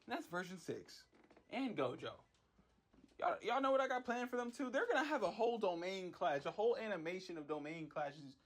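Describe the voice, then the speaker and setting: His voice sits high and sing-song, moving fairly quickly, as this young MUGEN character creator rants in a casual vlog. He rambles with frustration, using lots of slang and repeating words.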